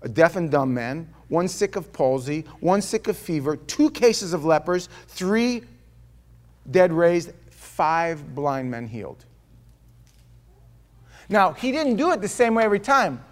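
High-voiced older man preaching animatedly. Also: measured pace. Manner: animated storytelling, swings from loud to hushed, rhetorical questions. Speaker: pastor. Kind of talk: sermon.

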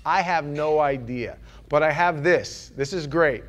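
A man preaching a sermon in a loose, conversational way, rambling with restarts and often dropping to a quiet murmur. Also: on the high side, unhurried.

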